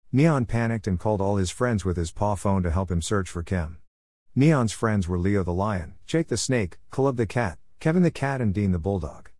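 Guy reading a kids story aloud, steady, low, dry. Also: no room sound. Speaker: narrator.

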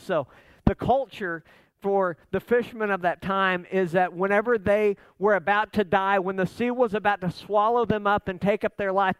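A man's voice: sits high, clear, resonant tone, no room sound. A man preaching a sermon as a pastor, conversational and emphatic, with asides to the listeners.

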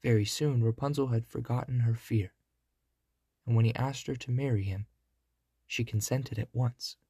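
A man reading a fairy tale aloud in a measured storybook manner. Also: medium pitch, fairly even intonation, warm tone, husky, no room sound, clean studio sound.

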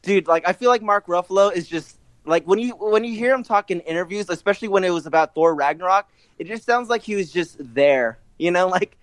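High-voiced young man, laid-back chat. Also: fairly quick, dry recording. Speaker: podcast co-host. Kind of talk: casual chat.

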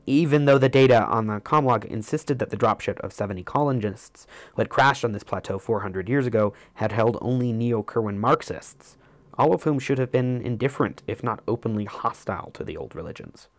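A man narrates a first-person story in a measured, reflective manner. His voice sits low, and the recording is dry and close with no room sound. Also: no echo. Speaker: audiobook narrator.

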